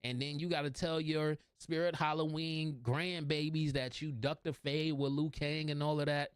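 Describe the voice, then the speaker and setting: A man voicing a brash, boastful male action-movie star, loud and cursing. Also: on the high side, fairly even intonation, moderate pace, clear, resonant tone, no room sound, studio quality, pitched above the performer's own voice, lightly acted. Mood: cocky.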